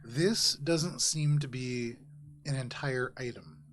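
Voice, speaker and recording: A man narrating calmly as the game master of a tabletop game. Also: medium pitch, slow.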